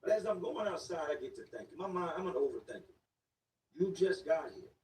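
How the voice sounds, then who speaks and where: A man with a slightly high, expressive, somewhat mellow voice tells a story briskly in casual, slangy street talk, repeating words for emphasis. He's recorded from a distant mic in an echoey room with faint noise.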